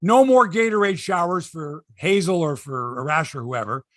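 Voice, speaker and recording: A man's voice: fairly high pitch, animated, normal speed, a bit bright, no echo, studio quality. A middle-aged man hosting a sports podcast in casual chat, rambling, opinionated and joking. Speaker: podcast host.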